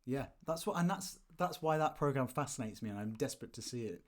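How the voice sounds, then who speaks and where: Fast and animated at medium pitch, this Midlands man co-hosts a casual film-review podcast. He rambles hesitantly, with many fillers and restarts.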